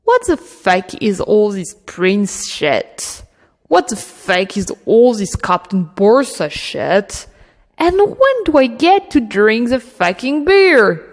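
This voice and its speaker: A woman's voice: mid-range voice, extremely slow, a little mellow. A woman reading an audiobook, voicing a crude, hot-tempered brute of a man who talks coarsely. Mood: angry. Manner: coarse and swearing. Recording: reverberant room.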